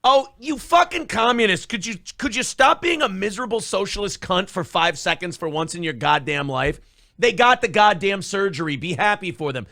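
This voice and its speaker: A man co-hosting a talk show, his voice high and bright with big swings of pitch. He rants in a sarcastic, profane way, keeps mocking people, and slips into shouted impressions of them. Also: lively intonation, moderate pace. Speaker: radio show co-host.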